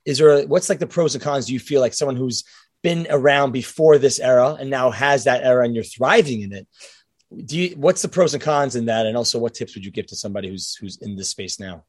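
A man's voice: mid-range voice, brisk, no room sound. Man hosting a podcast, dry close sound. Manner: rambling questions with many fillers. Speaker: podcast host. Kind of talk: casual interview conversation.

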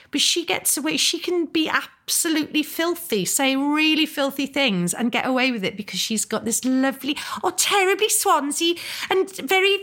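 A middle-aged Welsh woman, an author and actor, chatting as an interview guest and telling stories with animated character voices. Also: high voice. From Wales. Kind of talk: casual interview chat.

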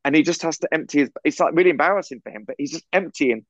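Brief: male co-host, fast animated anecdote, heard over a dull-sounding video call. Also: a little high, no echo. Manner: rambling, animated, fast anecdote-telling with restarts. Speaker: podcast co-host. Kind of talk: casual storytelling chat. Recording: slightly muffled video call audio.

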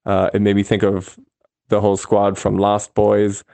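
A man's voice: lowish voice, monotone, moderate pace, gravelly, warm tone, no echo. A man from Chicago, a caller leaving an easygoing, rambling recorded message.

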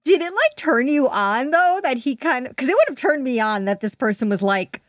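A woman co-hosting a podcast in casual chat, reacting with animated exclamations. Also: high-pitched, moderate pace, dry recording, clean studio sound. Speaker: podcast co-host.

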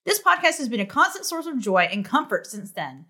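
Bright, very high bubbly woman. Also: sing-song, brisk, husky. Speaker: podcast cast member. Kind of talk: casual chat, reading listener messages.

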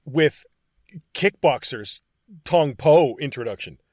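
A man co-hosting a casual film podcast, retelling scenes in a profane, animated way. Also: medium pitch, slow pace, no echo, studio quality. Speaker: podcast co-host.

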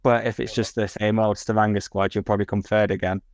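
Guy on a podcast, low voice, dry jokey delivery, no room echo. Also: little pitch movement, quick pace. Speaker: podcast co-host. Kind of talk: casual chat.

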